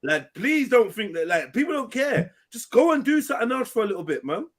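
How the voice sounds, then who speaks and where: A man's voice: very high voice, very animated, fairly quick. A man hosting a casual livestream chat, laid-back and slangy.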